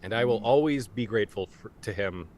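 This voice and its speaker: A man's voice: lowish voice, a little mellow, slight background noise. A man who is a voice actor, chatting casually in a playful, joking way. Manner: playful and joking, quick to laugh. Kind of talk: casual chat.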